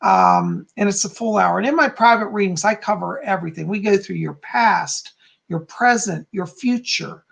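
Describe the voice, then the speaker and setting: Chatty man with a gravelly voice. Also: high voice, moderate pace, fairly bright tone. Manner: chatty and upbeat, greeting viewers by name with frequent yays. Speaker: psychic medium hosting a live stream. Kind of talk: casual live-stream chat.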